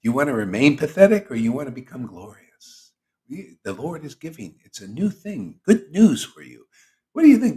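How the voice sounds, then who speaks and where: Animated slangy man preaching. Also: medium pitch, normal speed. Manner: animated, slangy, teasing, laughs often. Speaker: spiritual teacher hosting a chanting session. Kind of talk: casual preaching talk on a livestream.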